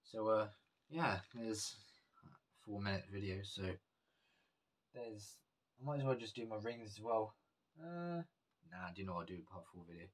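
A man's voice: fairly low pitch, expressive, normal speed, long pauses. A man casually vlogging about his jewellery, rambling with many fillers and self-corrections.

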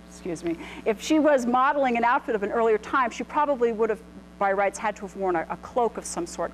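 A woman's voice: medium pitch, slight background noise, rough recording. Middle-aged woman giving a chatty lecture. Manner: chatty, many ums and restarts. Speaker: clothing history presenter. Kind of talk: informal illustrated lecture. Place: lecture room with live audience.

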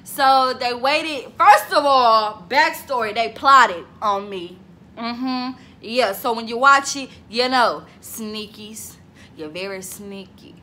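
A woman of twenty chatting casually to camera in a vlog, lively and talkative, breaking into bits of song. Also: fairly high pitch, slow pace. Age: 20s. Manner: chatty, animated, laughs and sings bits. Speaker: vlogger.

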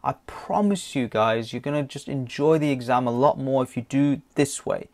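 A man's voice: mid-range voice, moderate pace, a little mellow. A man teaching an online driving theory lesson, reading questions aloud in a chatty, jokey way with lots of fillers.

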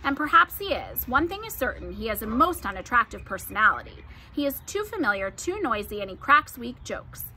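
A wise, gentle female spider from a read-aloud storybook, as a woman reads her part. She speaks politely and in measured phrases. The voice sits a little high, bright and clear. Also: big pitch swings, a little hiss or hum, full character voice, low-quality recording. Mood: dry. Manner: polite, measured, later weary.

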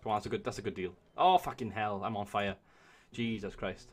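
A man gives excitable gameplay commentary, swearing often and talking to himself as he plays. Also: lowish voice, brisk, soft background music. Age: 20s. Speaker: let's play host.

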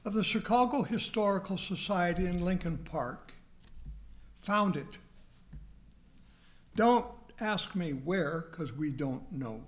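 Slow, higher-voiced older man lecturing. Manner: slow, deliberate storytelling with quoted dialogue. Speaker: history professor lecturing. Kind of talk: storytelling lecture.

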